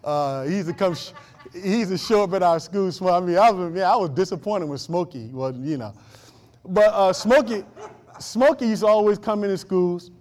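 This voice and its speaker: A middle-aged pastor preaching a sermon in a folksy way, with laughing asides and questions to the congregation. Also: male voice, sits high, a little fast, a little mellow.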